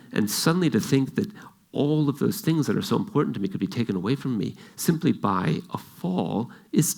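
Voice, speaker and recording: A man's voice: mid-range voice, creaky. A man giving an explanatory talk, telling an example story and acting out its dialogue. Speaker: speaker.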